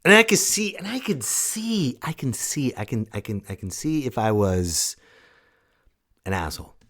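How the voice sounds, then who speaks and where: A man in his thirties hosting his own podcast, talking loudly and casually in a rambling, jokey way with sudden shouted bits. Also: mid-range voice, lively intonation, moderate pace. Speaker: podcast host. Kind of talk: casual solo podcast monologue.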